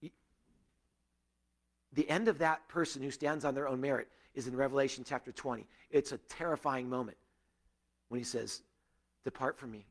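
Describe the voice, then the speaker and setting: A male pastor preaching a sermon to a gathered church, earnest, rising to emphatic peaks and dropping to hushed, quiet stretches. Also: fairly even intonation, normal speed, long pauses. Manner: earnest, swinging between raised emphasis and hushed, low passages.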